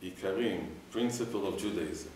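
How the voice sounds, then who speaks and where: A man's voice: low voice, normal speed, a little mellow, slight background noise. A man, a rabbi, giving a Torah class and quizzing his students, mixing in Hebrew phrases. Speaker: rabbi teaching a weekly class. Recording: echoey room, mic far off.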